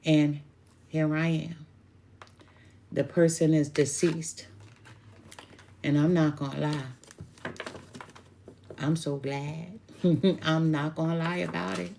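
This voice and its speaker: A woman's voice: sits low, steady tone, slow pace, creaky, pauses often, warm tone, a little hiss or hum. A middle-aged woman tarot reader chatting casually and bluntly with viewers, with laughing asides. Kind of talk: casual spiritual chat to viewers.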